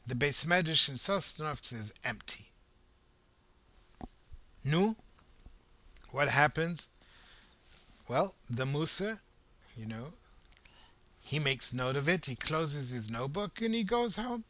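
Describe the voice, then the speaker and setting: Bright-voiced male storyteller. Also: on the high side, dry recording. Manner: lively, conversational, acts out crowd voices. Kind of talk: animated oral storytelling.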